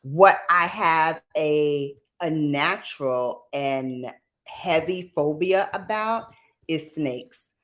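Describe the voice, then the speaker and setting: A woman with a low voice hosts a casual live chat. She talks at an unhurried pace and rambles from story to story. She laughs often and reads viewer comments aloud. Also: fairly bright tone. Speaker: livestream host.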